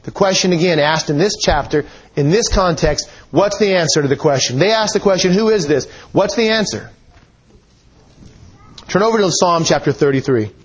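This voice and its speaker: Husky-voiced man preaching a sermon. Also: a little high, lively intonation, moderate pace, low-quality recording. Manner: earnest, emphatic, rhetorical questions. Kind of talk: sermon with scripture reading.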